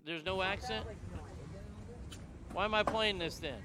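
A man hosting a casual commentary show, ranting crudely with loud profane outbursts. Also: sits high, unhurried, noisy background. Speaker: show host.

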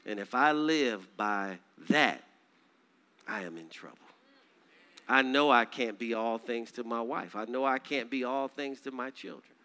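A man preaching a sermon as pastor, coaxing the congregation to repeat lines and swinging from quiet low passages to high, loud declaiming. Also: clean tone. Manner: call-and-response preaching, urging the congregation to repeat phrases.

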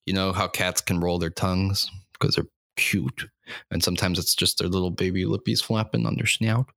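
A man delivering a rambling comic monologue, repeating himself in a deadpan way and breaking into squeaky voices. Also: moderate pace, creaky, no echo, studio quality.

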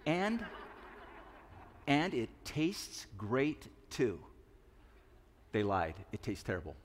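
A man's voice: mid-range voice, wildly swooping pitch, slow. A man in his sixties preaching a sermon, telling confessional stories with self-mocking humor. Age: 60s. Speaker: pastor. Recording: long reverb of a large hall.

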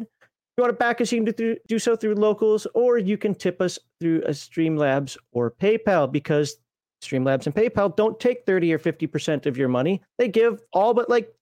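A man's voice: high-pitched, no room sound, clean studio sound. A man hosting a live stream, talking casually in a rambling, joking way and chuckling often. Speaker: podcast host.

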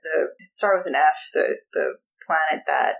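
A woman's voice: low voice, moderate pace, creaky, poor audio. Rambling woman podcast co-host. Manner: rambling, filler-heavy. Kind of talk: casual book-club chat.

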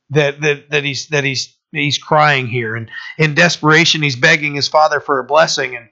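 A man teaching scripture in a relaxed, conversational way, often stopping and restarting his sentences. His voice sits slightly high and sounds bright and forceful. The recording is dull and lo-fi. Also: vocal fry. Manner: conversational, many restarts and fillers. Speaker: Bible study teacher. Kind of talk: casual Bible teaching.

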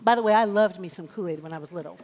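A woman's voice: fairly low pitch, rapid-fire, a little mellow, a faint crowd. A woman preacher delivering an emphatic, rhythmic sermon and calling on the congregation for amens. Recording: long reverb of a large hall.

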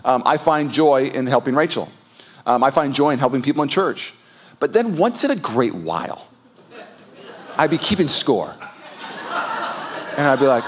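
A man's voice: a little high, animated, a little fast, background noise. A man in his thirties preaching a sermon as pastor, telling candid, self-mocking stories with sudden comic outbursts. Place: church stage.

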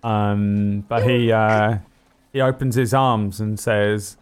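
A man's voice: fairly low pitch, clean tone. Man narrating as game master. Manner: calm, measured narration with fillers.

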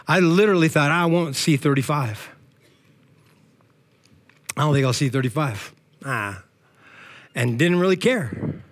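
A middle-aged man preaching an energetic sermon in a church, breaking into shouts of praise and casual slang. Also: on the high side. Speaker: pastor.

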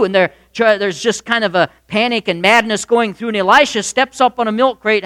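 A man preaching a sermon, retelling a Bible story in an animated way and acting out the voices of its figures. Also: high voice, a little fast, few pauses, smooth. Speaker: pastor.

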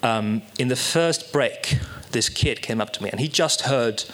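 A man performing a halting, confessional stand-up set at a small live venue, darkly joking with the audience. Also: mid-range voice, a bit bright.

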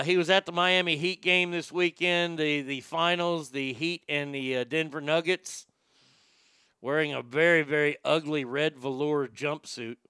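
Hosting a podcast talk show, a man delivers a sarcastic, opinionated rant packed with profanity. His fairly high voice is pushed, bright, and smooth, with no room sound.

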